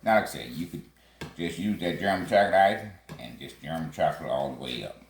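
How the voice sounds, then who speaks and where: A man's voice: very deep voice, expressive, quick pace, a little hiss or hum. A man hosting a home baking channel, chatting casually and exclaiming over his cake while calling viewers baby and sweetheart. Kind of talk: casual cooking vlog chat. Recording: echoey room, faint music behind.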